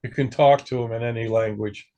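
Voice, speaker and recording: A man's voice: medium pitch, steady tone, brisk, warm tone, highs cut off. A man teaching an amateur radio class in a casual, joking way, stopping to correct himself now and then. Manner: chatty, joking, self-correcting. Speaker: instructor.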